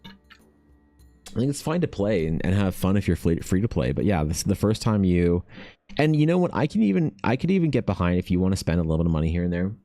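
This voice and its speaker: A man streaming while he paints, chatting casually and ranting with animated swearing. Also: low voice, fairly quick, soft background music. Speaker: artist streamer.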